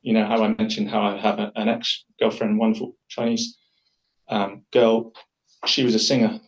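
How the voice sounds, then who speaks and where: A man's voice: on the low side, level tone, normal speed, rough recording. A man leading a live public speaking workshop, talking to the group in a chatty, enthusiastic way with frequent restarts.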